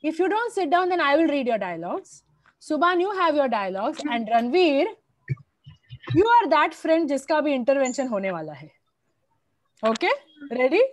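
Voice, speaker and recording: A woman's voice: sits high, sing-song, brisk, long pauses, no echo. A young woman with an Indian accent teaching an English class to children, firm and directive, slipping into Hindi now and then.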